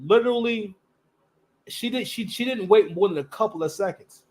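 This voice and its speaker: High-voiced man rambling through stories. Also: normal speed, a little mellow. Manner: loose, rambling, full of restarts and slang. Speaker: live stream host. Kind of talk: casual storytelling monologue.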